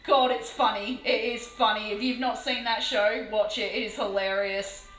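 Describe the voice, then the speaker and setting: Giggly, bright-voiced Australian woman. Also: on the high side, steady tone, moderate pace, roomy sound, slight background noise, poor audio. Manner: chatty, laughs often, swears playfully. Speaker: livestreaming miniature painter. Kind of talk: casual live-stream chat. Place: room alone.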